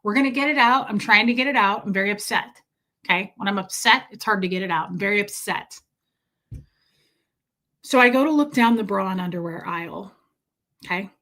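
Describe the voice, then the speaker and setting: Woman ranting loudly and profanely. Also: mid-range voice, brisk, pauses often. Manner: profane, exaggerated, repeats herself for emphasis; swings between loud outbursts and muttered asides. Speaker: livestream host. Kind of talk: comedic rant to a livestream audience.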